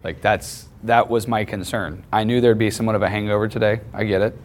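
A man's voice: on the low side, steady tone, brisk, a little hiss or hum. A man teaching a class, lecturing in a conversational way and often checking in with questions.

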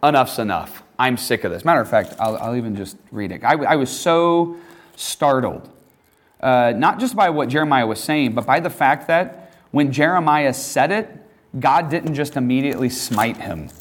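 A man preaching a casual, conversational sermon in an emphatic, animated way. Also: medium pitch, moderate pace.

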